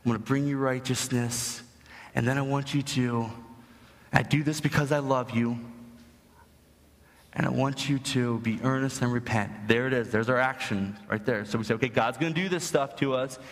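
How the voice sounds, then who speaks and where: A man's voice: medium pitch, steady tone, moderate pace. A young adult man preaching a sermon as pastor, emphatic and rising to strong stress on key points. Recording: long hall reverb.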